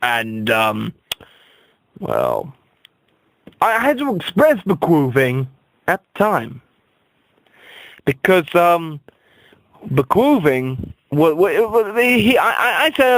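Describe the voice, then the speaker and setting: A man's voice: on the high side, wildly swooping pitch, slow pace, pauses often, fairly bright tone, no room sound, poor audio. A man doing an absurd, mock-serious comic radio monologue, rambling and stammering over his own words.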